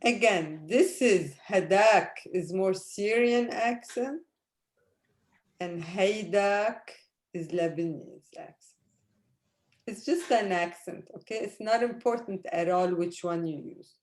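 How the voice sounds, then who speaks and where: A woman teaching a language lesson online, drilling words with her students slowly and patiently. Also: mid-range voice, a little mellow. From Arab world. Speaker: Arabic teacher.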